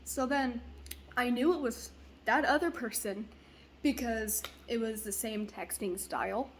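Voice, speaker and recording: A woman's voice: fairly high pitch, unhurried, slight background noise. Blunt, profane young woman ranting. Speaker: vlogger. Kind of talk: casual venting vlog.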